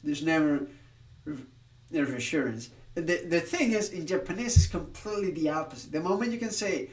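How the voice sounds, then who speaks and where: Man from Spain, live-stream chat, slightly high voice, loose and rambling, roomy echo. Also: sing-song, moderate pace, distant mic. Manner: rambling, laughing, swearing, with restarts.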